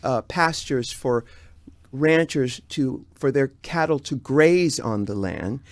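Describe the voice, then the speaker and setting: This is a man guesting on a talk show, talking in a loose, conversational way. His voice sits at a middle pitch and he often hesitates and restarts. The sound is dry and close. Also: expressive, no echo. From San Diego, USA. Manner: halting, many fillers and restarts. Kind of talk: casual interview chat.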